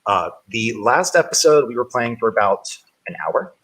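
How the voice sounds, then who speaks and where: A man's voice: mid-range voice, expressive, moderate pace, fairly bright tone, slightly rough, low-quality recording. A man live-streaming a game, chatting casually and greeting viewers, rambling and correcting himself as he goes. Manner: rambling, with frequent self-corrections; friendly, greets viewers by name. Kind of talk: casual live-stream chat while playing.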